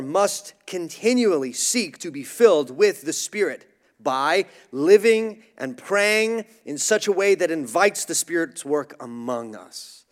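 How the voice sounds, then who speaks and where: A man preaching a sermon, casual and conversational, who jokes about himself and acts out the voices of others in his stories. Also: fairly high pitch. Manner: conversational, self-deprecating humor, acts out voices. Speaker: pastor.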